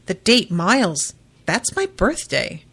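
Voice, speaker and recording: A woman's voice: fairly low pitch, very animated, takes it slowly, gravelly, fairly bright tone, slightly rough, full character voice. A woman reading aloud as a young woman upset about her parentage, in a plain read-aloud voice.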